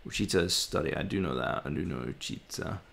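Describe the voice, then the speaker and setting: Deep gravelly-voiced man thinking aloud. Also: animated, a bit bright. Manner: halting, sounds words out, self-correcting. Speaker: language-learning vlogger. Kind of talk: casual study vlog, thinking aloud.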